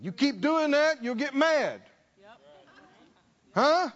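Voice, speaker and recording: Man, preacher, sermon; high voice, slow deliberate pace, call-and-response style, lo-fi recording. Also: big pitch swings. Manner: rhythmic repetition, rhetorical questions, call-and-response with congregation.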